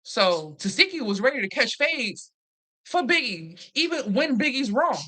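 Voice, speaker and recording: A woman hosting a casual, animated recap chat, swearing freely and acting out what others said. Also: a little high, unhurried. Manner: animated, profane, acts out quotes. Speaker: host.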